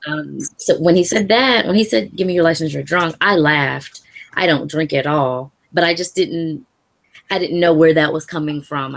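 A woman from the Louisville area of Kentucky recounts her own experience in an interview. Her voice is very low, with a gravelly, creaky texture, and she speaks calmly in measured phrases, laughing softly now and then.

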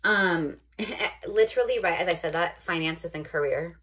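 A woman with a husky, somewhat low voice hosts a casual tarot reading. She talks in a loose, chatty way, stopping to check in with her viewers and correcting herself mid-thought. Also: moderate pace, a bit bright. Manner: chatty, says "okay?" often, restarts and corrects herself. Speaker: tarot reader.

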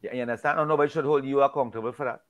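A man's voice: mid-range voice, fairly even intonation, very fast, highs cut off. A man in a casual Bible discussion, talking emphatically and preachily, often repeating and restarting his words.

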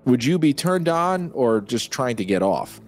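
A man's voice: mid-range voice, very animated, a little slow, darkish tone. A man co-hosting a film podcast in a joking, crude way, laughing often. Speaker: podcast co-host. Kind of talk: casual film chat. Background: faint synth music.

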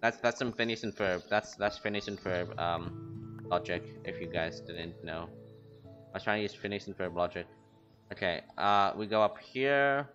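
A man streaming a game, rambling casually to his chat with quick excited outbursts. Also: sits low. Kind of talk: casual gaming commentary. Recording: lo-fi stream audio with faint music.

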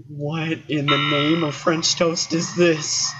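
A man giving excitable commentary on a horror game, yelling at the characters and swapping swears for silly words, on a dull lo-fi recording. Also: fairly high pitch, takes it slowly, a little hiss or hum. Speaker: gaming YouTuber. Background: game music.

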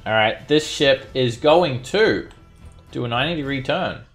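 Animated dungeon master narrating combat. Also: male voice, medium pitch, moderate pace, faint music behind. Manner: descriptive with frequent fillers. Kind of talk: narrating a tabletop game. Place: home setup, playing online.

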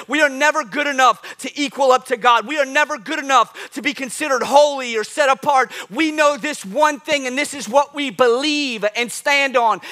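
Animated high-voiced preacher man. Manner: animated preaching with acted asides and call-outs. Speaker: pastor. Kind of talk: sermon.

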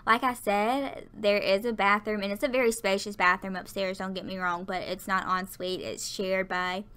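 Gal rambling thru a game voiceover, kinda out of breath, smooth clear voice. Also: female voice, mid-range voice, little pitch movement, moderate pace, fairly bright tone. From lower Alabama, US. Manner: rambling, chatty, lots of fillers. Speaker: Sims build YouTuber. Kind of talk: casual voiceover chat.

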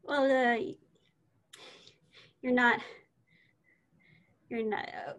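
A woman reading an impatient young woman who tutors French and snaps quickly. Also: on the high side, animated, fairly bright tone. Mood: exasperated. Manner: exasperated, quick to snap. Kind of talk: amateur scene reading.

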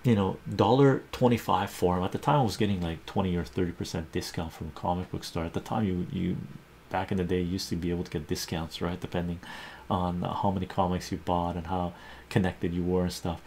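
A man's voice: low-pitched, steady tone, a little fast, creaky, darkish tone, slight background noise. A man hosting a casual live stream, chatting with his viewers, laughing often and reading their comments aloud.

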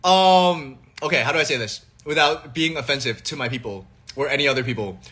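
Bright, playful young man streaming live. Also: medium pitch, a little fast, husky. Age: 20s. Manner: rambling, joking, lots of fillers and restarts. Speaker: livestream host. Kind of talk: casual live stream chat. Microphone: phone livestream.

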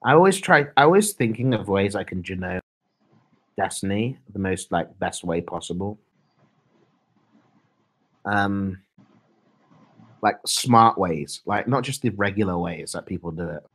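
A man's voice: low voice, animated, a little slow, long pauses, a bit bright. A young man streaming, chatting casually and reading his chat aloud in a laid-back, mumbling way.

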